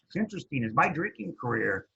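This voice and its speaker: A middle-aged man with a very husky, breathy voice tells his story in a loose, chatty way. His pitch swings up and down as he goes. The sound is dull and lo-fi. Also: fast talker. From Hawaii. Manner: animated, jumps up and down in pitch, trails off with "anyways". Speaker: guest. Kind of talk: casual storytelling.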